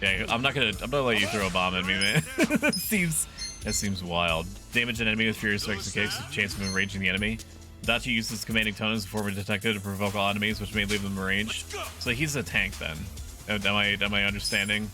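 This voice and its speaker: A man's voice: fairly low pitch, steady tone, quick pace, over music. A man streaming a video game with casual commentary, chatty and crude.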